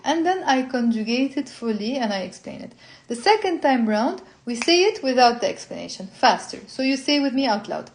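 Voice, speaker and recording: A woman explaining a language textbook, saying model phrases slowly for learners to repeat. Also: fairly high pitch, lively intonation, a little mellow. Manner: slow, drawn-out model phrases for repetition. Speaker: language teacher.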